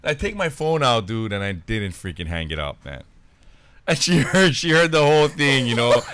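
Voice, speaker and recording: Bright, animated male podcast co-host. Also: mid-range voice, normal speed, a little hiss or hum. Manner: animated storyteller, says "dude" a lot. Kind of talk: casual chat. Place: Hawaii.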